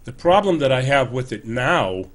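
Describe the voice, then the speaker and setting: A show host in his sixties delivers an earnest, emphatic political commentary monologue, urging listeners on in a loose, conversational style and frequently correcting himself. His voice is medium-pitched and sing-song, at normal speed.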